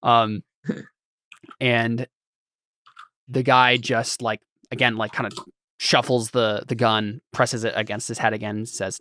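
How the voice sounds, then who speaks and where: A man's voice: medium pitch, flat delivery, slow, pauses often, pushed and bright, dry recording, studio quality. A man running a tabletop role-play game as game master, narrating casually with many fillers.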